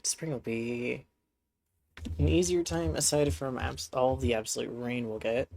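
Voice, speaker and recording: A man's voice: medium pitch, fairly even intonation, unhurried, creaky, a little mellow. A man streaming a horse game, talking casually to his horses in a rambling, chatty way, with a congested voice. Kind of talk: casual gameplay commentary.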